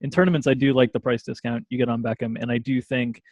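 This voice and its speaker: A man's voice: medium pitch, fairly even intonation, fast, a little mellow, dry recording, dull audio. A man with a dry, wry sense of humor talking through sports stats on a casual podcast. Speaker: podcast guest analyst. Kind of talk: casual chat.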